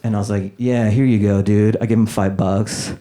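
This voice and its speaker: A man in his thirties doing a stand-up comedy set, animated and acting out characters in quick voices. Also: fairly low pitch. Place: comedy club stage before a laughing audience. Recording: live club set with loud crowd laughter.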